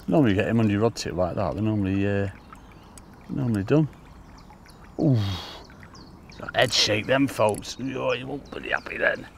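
A man giving excitable, casual commentary to viewers while fishing by a lake. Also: lowish voice, normal speed, gravelly, pauses often, a little hiss or hum. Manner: chatty, excitable, talks to viewers as folks. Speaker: angler demonstrating fishing. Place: outdoors by a lake.

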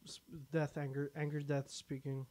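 A man's voice: fairly high pitch, completely flat delivery, moderate pace, mellow. Young man chatting over gameplay. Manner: laid-back, swears freely. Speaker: gaming channel host. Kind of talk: casual let's-play chat.

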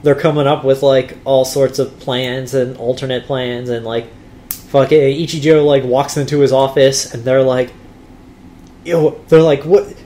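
A man's voice: mid-range voice, fairly even intonation, measured pace, warm tone, a little hiss or hum. A man co-hosting a podcast, recapping episodes in a rambling, profane way full of fillers. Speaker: podcast co-host.

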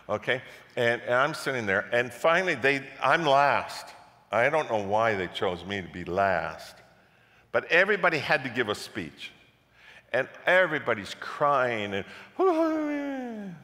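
A man preaching as a pastor, telling a story with repeated words and loud passionate peaks. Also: medium pitch, very animated, a little slow. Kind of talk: sermon storytelling. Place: church sanctuary. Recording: echoey church hall.

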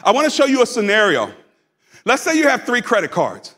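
High-voiced pastor preaching casually. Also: male voice, huge pitch swings, brisk, a bit bright. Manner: conversational preaching with humor and call-and-response. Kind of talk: sermon. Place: church sanctuary.

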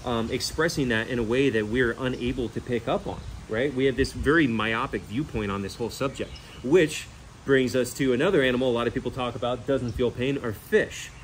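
Earnest, animated man talking casually. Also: mid-range voice, a little fast, a little hiss or hum. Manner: earnest, animated, uses hypothetical scenarios. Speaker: host. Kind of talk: casual animal rescue talk.

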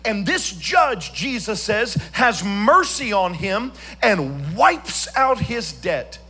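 Pastor guy preaching in church, high bright voice, kinda sings his big lines. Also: sing-song, slow, husky, faint music behind. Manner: preaching with rising sung emphasis. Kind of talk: sermon.

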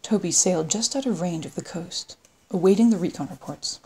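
A woman reading an audiobook in steady scripted narration. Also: on the low side, brisk, husky. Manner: steady storytelling read.

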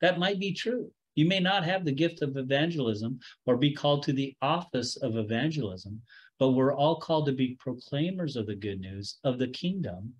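Middle-aged male preacher, mid pitch, speaks loosely and chats as he teaches, self-corrects a lot. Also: lively intonation, moderate pace, breathy edge, lo-fi sound. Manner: conversational, self-correcting, with chuckles. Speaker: Messianic rabbi teaching a Bible study. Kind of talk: storytelling sermon.

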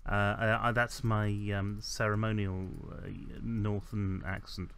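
A man giving casual commentary while playing a building game. He rambles and corrects himself, fills pauses with ums, and adds dry, self-mocking asides. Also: on the low side, little pitch movement, fairly bright tone, smooth. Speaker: let's play host.

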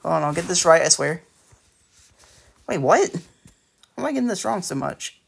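A man's voice: fairly high pitch, sing-song, moderate pace, gravelly, husky. A man giving casual, rambling commentary while building in a game, full of hesitations and restarts. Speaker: let's play creator.

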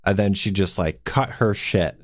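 A man's voice: low-pitched, measured pace, noisy background. A man streaming a horror game, giving laid-back casual commentary and chuckling often.

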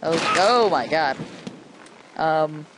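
A woman giving excitable let's-play commentary into a desk microphone, yelling and laughing at the game as she plays. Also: deep voice, very slow, noisy background. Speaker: gameplay commentator.

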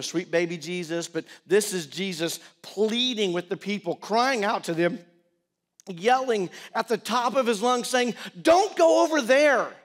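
Middle-aged male preacher with a raised pitch, dynamic sermon delivery that goes from loud to soft. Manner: animated preaching, swings from loud pleading to quiet storytelling. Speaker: pastor.

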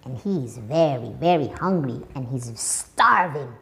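Slow, animated woman preschool teacher. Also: rumbling low, vocal fry. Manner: animated, sing-song, playful. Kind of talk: online lesson for small children.

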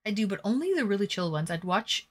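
A woman's voice: medium pitch, big pitch swings, quick pace. A woman hosting a live stream in casual chat, reading viewers' messages aloud and answering them.

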